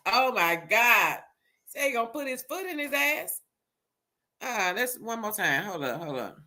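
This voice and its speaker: Slow-talking bright-voiced woman vlogger. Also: on the high side, big pitch swings. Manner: laughing, swearing, chatty asides to viewers. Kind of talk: casual reaction commentary.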